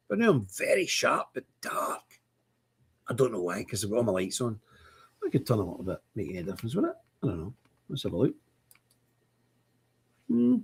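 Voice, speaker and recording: A man's voice: a little high, a little mellow, breathy edge. An older man hosts a casual livestream, chatting in a rambling way and greeting viewers by name. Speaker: livestream host. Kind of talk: casual livestream chat with scripture reading. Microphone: phone camera.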